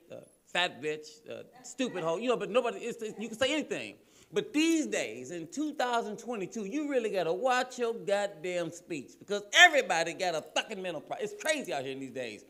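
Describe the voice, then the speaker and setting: A man from Cleveland doing a loud, profane, animated stand-up routine on a comedy club stage. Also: a little high. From Cleveland, Ohio, US.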